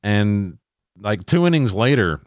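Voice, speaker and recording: Deep-voiced, profane man ranting. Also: very animated, measured pace, dry recording, studio quality. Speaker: podcast co-host. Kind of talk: casual crude banter.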